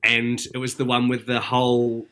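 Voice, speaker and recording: A man's voice: medium pitch, monotone, normal speed, noisy background. A man with a New Zealand accent, a TV weather presenter guesting on a podcast, telling candid stories in a casual chat. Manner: chatty, candid storytelling.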